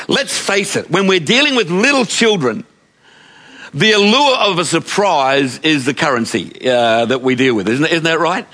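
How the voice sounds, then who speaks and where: An older Australian man gives a chatty, storytelling sermon in a high, ringing voice. He talks with a bright, forceful edge and often turns to ask his listeners questions. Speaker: preacher.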